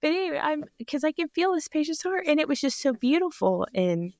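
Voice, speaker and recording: A woman in her forties, a surgical technology department chair, telling an animated personal story in a podcast interview and laughing often. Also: high voice, fairly quick, no echo, studio quality. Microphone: podcast microphone.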